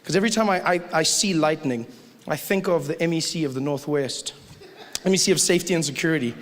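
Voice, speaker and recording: A man from South Africa doing an animated stand-up comedy set before a live crowd. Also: fairly high pitch, quick pace. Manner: animated, acts out voices. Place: large live venue with audience. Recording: live hall with audience noise.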